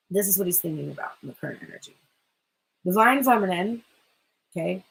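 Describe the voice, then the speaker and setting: A woman's voice: mid-range voice, a bit bright, breathy edge, rough recording. A woman giving a chatty, rambling tarot reading who swears casually and often laughs. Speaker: tarot reader.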